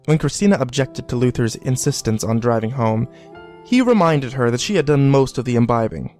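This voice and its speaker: A man narrating an audiobook in a measured, even storytelling manner. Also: medium pitch, soft background music.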